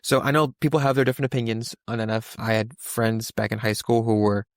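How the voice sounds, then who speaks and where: A man's voice: mid-range voice, steady tone, quick pace, no room sound, studio quality. Young man rambling over a Bible passage. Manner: rambling, many restarts and fillers. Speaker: podcast co-host. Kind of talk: casual Bible discussion.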